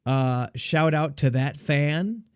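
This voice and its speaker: A man's voice: fairly high pitch, takes it slowly, a little mellow, smooth, no echo. Teasing male podcast co-host, dry sound. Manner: joking, teasing, laughs often. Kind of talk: casual podcast banter.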